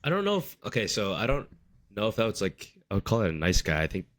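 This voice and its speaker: Young man podcast co-host, lowish voice. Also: sing-song, fast, fairly bright tone. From Midwestern United States. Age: 20s. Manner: loose, hedging, full of "like" fillers. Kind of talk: casual chat.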